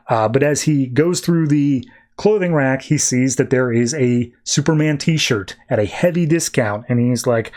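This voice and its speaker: A man's voice: medium pitch, normal speed, darkish tone. A man hosting a podcast, casually recapping a comic and acting out the characters' lines as he goes. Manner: rambling storytelling, acts out quotes. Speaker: podcast host.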